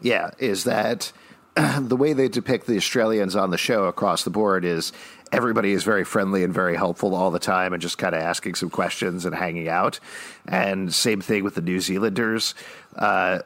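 A man with a fairly low voice talks through a TV episode on a podcast. His delivery is wry and conversational as he walks through the plot at length. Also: normal speed, a bit bright. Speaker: podcast co-host recapping a TV episode. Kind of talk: casual chat.

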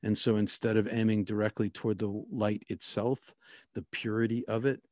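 A man recounting a personal experience in a reflective, halting way, often restarting his sentences. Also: on the low side, level tone, a little mellow, no echo, clean studio sound. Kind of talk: personal testimony.

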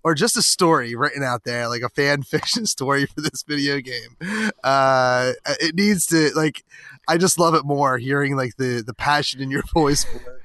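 A man hosting a podcast in a casual chat, talking haltingly with many restarts and quick agreements. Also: medium pitch, bright, forceful tone, no echo, clean studio sound. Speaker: podcast host.

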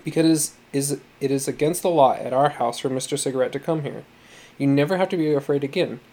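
A man reading the part of a tender, patient foster mother who speaks gently and coaxingly. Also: mid-range voice, a little fast, lightly acted. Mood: gentle.

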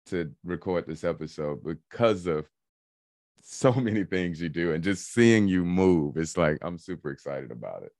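A man's voice: low voice, expressive, moderate pace, darkish tone, dry recording, clean studio sound. A man hosting a podcast interview, upbeat and enthusiastic, teasing his guest. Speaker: podcast host.

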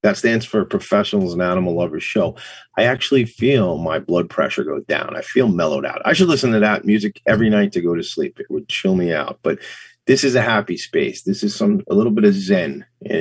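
Man, co-host, casual joking chat, husky, dry. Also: on the low side, dry recording. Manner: playful, joking, chatty. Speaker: podcast co-host.

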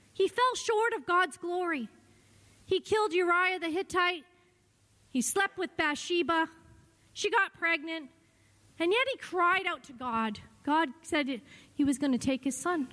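A middle-aged woman pastor preaches with passion, sometimes falling to a hush and then climbing up high. Her voice sits high, and a long reverb from the church sanctuary trails each phrase. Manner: impassioned preaching, voice swinging between hushed and rising. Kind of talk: sermon.

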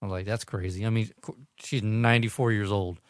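A man's voice: on the low side, steady tone, a little fast, dry recording, clean studio sound. A man hosting a casual chat among friends, laid-back and laughing often, with profanity and frequent restarts.

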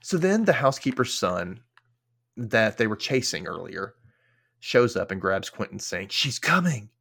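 A man's voice: lowish voice, big pitch swings, a little slow, creaky, fairly bright tone. A man hosting a podcast, casually recapping a TV episode in a chatty way, full of filler words and casual swearing. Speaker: podcast host.

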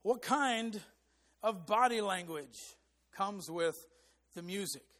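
A man's voice: high-pitched, animated, slow pace, a bit bright. A man preaching an evening sermon, sometimes singing short hymn lines to show a rhythm, and rising into emphatic stress on key points.

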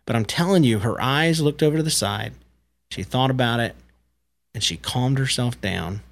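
A man in his thirties co-hosts a relaxed parenting podcast. His voice sits in a middle register, and he speaks earnestly, laying out his reasoning step by step. He often restarts his phrases as he thinks aloud. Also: medium pitch, moderate pace, gravelly. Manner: earnest, explanatory, with frequent restarts. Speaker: podcast co-host. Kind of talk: casual parenting chat.

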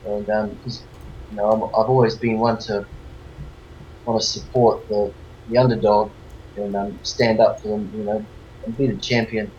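A man with a New Zealand accent, talking as an interview guest. He rambles in an easy, unhurried way, padding his thoughts with fillers. The line sounds a little dull, with a faint hiss behind it. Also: lowish voice. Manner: relaxed, rambling with many fillers. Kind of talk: casual remote interview.

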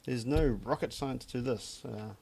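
A man's voice: mid-range voice, unhurried, creaky, mellow, a little hiss or hum. Joking, chatty male podcast host. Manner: dry, joking, chatty with fillers. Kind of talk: casual chat.

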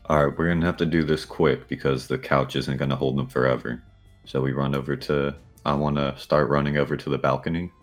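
A man's voice: extremely low pitch, flat delivery, fairly quick, soft background music. A man playing a tabletop game, laying out plans and asking questions. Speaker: player.

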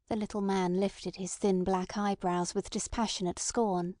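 A woman narrating a classic novel in a measured literary reading. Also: medium pitch, flat delivery, warm tone, no room sound. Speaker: audiobook narrator. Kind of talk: scripted narration.

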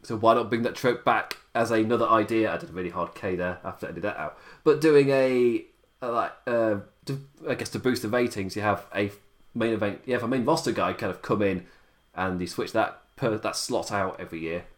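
A man's voice: on the low side, a little fast. A young man hosting a podcast, rambling casually and thinking aloud, with frequent short laughs. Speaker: podcast host.

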